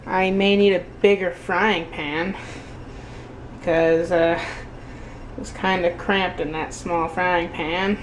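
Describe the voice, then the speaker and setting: Woman, casual home vlog, unhurried, rambling, echoey kitchen, faint background hiss. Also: on the low side, level tone. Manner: rambling and self-deprecating, with many fillers. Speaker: daily vlogger. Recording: echoey room with faint noise.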